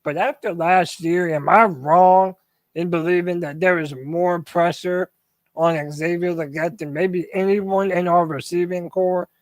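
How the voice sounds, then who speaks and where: Animated sports podcast co-host, high pitch, dry close mic. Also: male voice, measured pace, no echo. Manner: animated, asks the panel questions. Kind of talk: casual sports talk.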